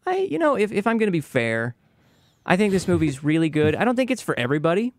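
A man's voice: high-pitched, wildly swooping pitch, quick pace, a little mellow, no echo. A man co-hosting a casual movie podcast, playful and jokey as he gives his take. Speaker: podcast co-host. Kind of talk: casual movie review chat.

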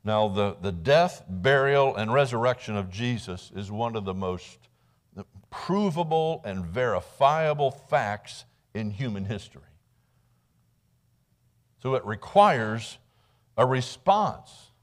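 Midwestern male preacher, mid-pitched, chatty storytelling sermon delivery in a church. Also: lively intonation, takes it slowly. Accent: Midwestern American. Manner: conversational storytelling, dramatic acted quotes; repeats words when restarting. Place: church sanctuary.

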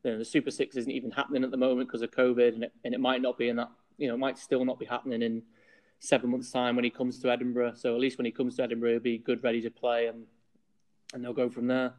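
Relaxed man co-hosting a chat. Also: medium pitch, quick pace. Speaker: podcast co-host. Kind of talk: casual rugby chat.

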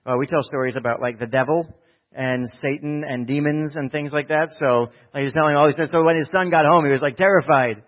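A male pastor from New Jersey giving a conversational sermon that swings from quiet asides to loud exhortation. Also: on the high side, fairly even intonation, fairly quick, highs cut off.

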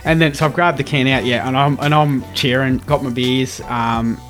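A man's voice: medium pitch, steady tone, normal speed, fairly bright tone, faint music behind. A man with an Australian accent, a podcast co-host telling a long story in casual chat with mates, swearing freely.

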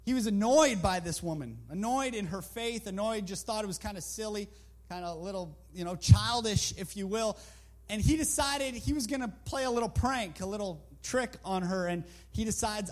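A man's voice: sits high, animated, normal speed. A man preaching a sermon, telling a story with emphatic repetition.

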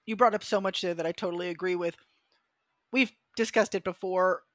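Animated woman in her fifties, dry sound. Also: lowish voice, brisk, no room sound. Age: 50s. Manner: animated, acts out quoted thoughts. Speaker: podcast co-host. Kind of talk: casual podcast conversation.

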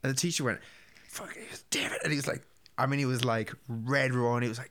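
A man's voice: medium pitch, steady tone, fast, fairly bright tone. Man laughing storyteller. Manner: laughing storyteller, acts out quotes, swears freely. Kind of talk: casual chat, storytelling.

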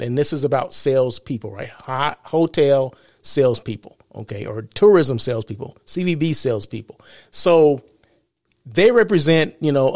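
A man's voice: mid-range voice, darkish tone, no echo, studio quality. A man from the United States hosting a live show and podcast. He talks casually and chattily, keeps asking "right?" and chuckles at his own jokes. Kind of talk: casual live-stream talk.

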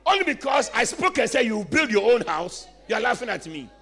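A man preaching a sermon in a church, shouting lines and calling for responses from the congregation. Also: extremely high pitch, very animated, brisk, a faint crowd.

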